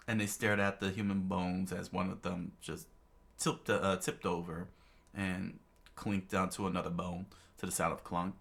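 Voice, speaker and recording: A man's voice: deep voice, little pitch movement, moderate pace, vocal fry, a bit bright. A man reading a comic aloud, rambling with fillers and giggling as he goes. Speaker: reader of a comic. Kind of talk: loose improvised comic reading.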